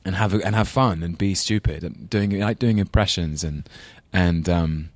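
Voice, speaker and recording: A man's voice: sits low, moderate pace, darkish tone, no echo. A man with a London English accent, chatting as an interview guest, thoughtful and rambling, with self-deprecating laughs. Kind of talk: casual interview chat.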